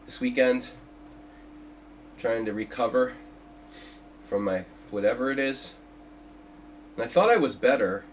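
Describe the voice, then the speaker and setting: An older man chats casually to his stream while hosting a chess simul, joking and rambling from one aside to the next. His voice sits in a middle pitch and reaches a home streaming mic with a faint hiss of noise behind it. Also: measured pace, pauses often. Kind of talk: casual livestream chat.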